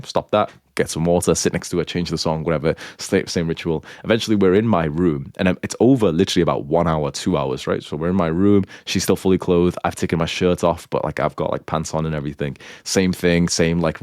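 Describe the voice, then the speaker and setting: A young man with a blunt, crude manner rambles through a casual monologue as a dating coach, packing his speech with "like". His voice is deep and a little mellow. The recording is studio quality with no echo.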